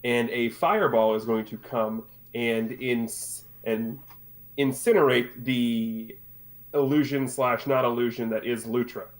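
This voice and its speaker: A man acting as game master, narrating and handling rules in a relaxed, matter-of-fact way. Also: medium pitch, unhurried, a little hiss or hum.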